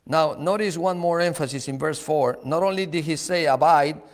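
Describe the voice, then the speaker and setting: A man preaching a sermon, slow and emphatic, repeating key words and chuckling now and then. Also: on the high side, big-room sound.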